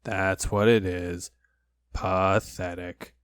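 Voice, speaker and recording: A man reading aloud, voicing a gloomy old grey male donkey in a slow, low, doleful tone. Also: flat delivery, clear, resonant tone, dry recording, clean studio sound. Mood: mournful.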